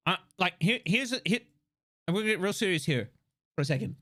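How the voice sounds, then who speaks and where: Animated high-voiced man streaming. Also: a little fast. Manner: animated, profane, rambling. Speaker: livestream host. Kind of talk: casual livestream chat.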